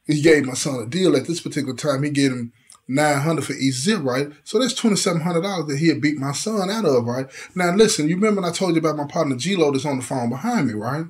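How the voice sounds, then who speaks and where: A middle-aged man with a slightly higher voice recounts a prison story in a loose, conversational way. He leans on street slang and keeps checking in with the listener, peppering every few lines with "you know what I'm saying". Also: animated, brisk. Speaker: host telling a story from prison. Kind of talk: casual storytelling.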